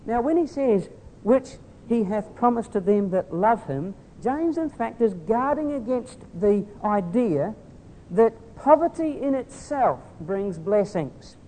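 A man preaching a sermon in an earnest manner, moving between soft tender asides and loud emphatic appeals. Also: animated, slow. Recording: hall reverb with faint rumble.

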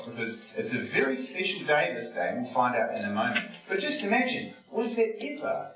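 A man's voice: medium pitch, fairly bright tone. A man leads a conversational Bible lesson, asking his listeners question after question in a folksy, chatty way. His voice comes from some distance off the mic and rings through a very echoey room, with faint music beneath. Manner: asks the listeners rhetorical questions; folksy, chatty, with frequent fillers. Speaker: Bible teacher. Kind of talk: conversational Bible study sermon.

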